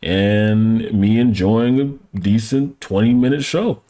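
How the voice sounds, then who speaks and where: A man's voice: lowish voice, slow, warm tone. A man hosting a casual anime review, talking in crude slang with frequent laughing asides.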